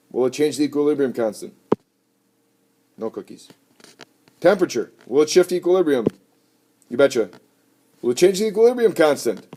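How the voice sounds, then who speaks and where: A man teaching a chemistry lesson in a playful, jokey way with animated asides. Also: mid-range voice. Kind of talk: recorded lecture. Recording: noisy recording with clicks.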